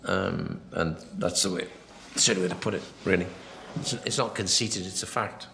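A man's voice: low voice, moderate pace, gravelly, bright, forceful tone, reverberant, a little hiss or hum. A man giving a film commentary, rambling and anecdotal, acting out quoted dialogue as he goes. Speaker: film director.

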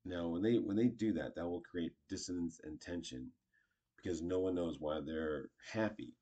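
Low husky man teaching improv. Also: moderate pace, mellow. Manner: chatty, acts out short example lines. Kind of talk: casual instructional talk.

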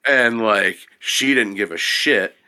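Bright-voiced man telling a profane story. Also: on the low side, slow pace, clear, resonant tone. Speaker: podcast guest. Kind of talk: casual storytelling.

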